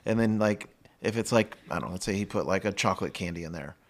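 A man co-hosting a podcast, with a fairly low voice and an easygoing, offhand manner. He keeps his replies short and relaxed. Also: fast talker. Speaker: podcast co-host. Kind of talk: casual podcast chat.

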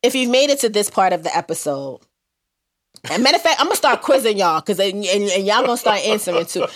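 A woman's voice: mid-range voice, expressive, quick pace. A young woman with a New York accent co-hosting a podcast, chatting casually and laughing often while she has a cold. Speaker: podcast co-host. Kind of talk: casual chat.

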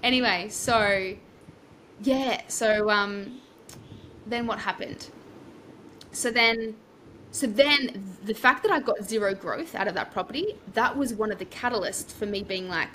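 A woman's voice: medium pitch, measured pace, sharp tone, a little hiss or hum. An Australian woman, a podcast guest, telling her story in a chatty, rambling way and acting out her own past thoughts. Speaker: podcast guest, property coach. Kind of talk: casual storytelling interview.

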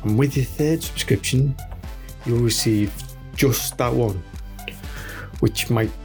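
A man voicing an over-the-top male advert announcer, booming and salesy. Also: slow, faint music behind. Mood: hammy salesy.

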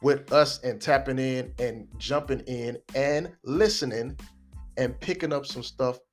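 A man's voice: mid-range voice, unhurried, soft background music. Emphatic man hosting a podcast. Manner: preachy, emphatic motivational delivery. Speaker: podcast host and life coach. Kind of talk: casual podcast chat.

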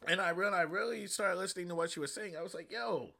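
A man hosting a podcast, reviewing a movie in a loose, profane, animated way. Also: high-pitched, fast, vocal fry. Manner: loose, profane and animated, acting out quoted lines. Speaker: podcast host. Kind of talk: casual comedic movie review.

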